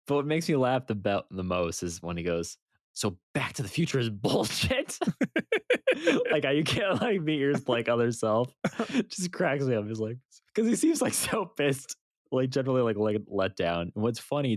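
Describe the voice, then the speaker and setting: Lively low-voiced man on a casual podcast. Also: normal speed, dry recording, clean studio sound. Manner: animated, laughing often, quoting movie lines. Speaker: podcast co-host. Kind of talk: casual chat.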